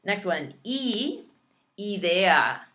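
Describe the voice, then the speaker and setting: A woman's voice: mid-range voice, very animated, drawn-out words, pushed and bright. A woman teaching a Spanish lesson online, pronouncing practice words carefully and adding chatty, playful asides.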